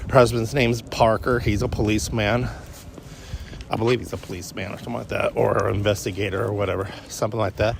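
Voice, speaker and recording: A man's voice: on the low side, steady tone, quick pace, gravelly. Vlogger, male, rambling walk-and-talk delivery, loose and chatty, faint traffic behind. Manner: meandering, self-interrupting, frequent restarts. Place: outdoors on a morning walk.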